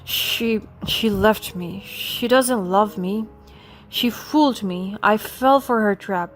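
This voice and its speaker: A woman's voice: medium pitch, takes it slowly, a little hiss or hum, natural voice. A woman voicing a desperate, broke grown husband who pleads for help, over faint music. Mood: pleading. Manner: begging, pleading.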